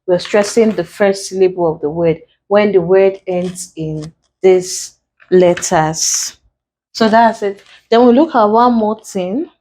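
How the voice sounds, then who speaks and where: A woman teaching an exam-prep lesson, spelling out word endings letter by letter in a deliberate way. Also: mid-range voice, mellow. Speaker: English tutor.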